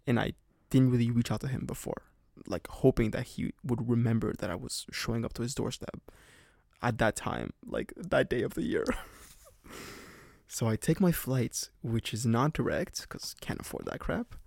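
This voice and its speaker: A man's voice: mid-range voice, sing-song, moderate pace, gravelly, darkish tone, no room sound, studio quality. A young man from Canada telling a casual story on a podcast, rambling with lots of "like" fillers and frequent laughs. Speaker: podcast host.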